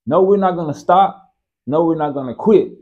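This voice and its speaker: A man's voice: on the high side, normal speed, breathy edge, narrow, tinny audio. A man co-hosting, retelling a confrontation in heated, emphatic casual chat. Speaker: co-host.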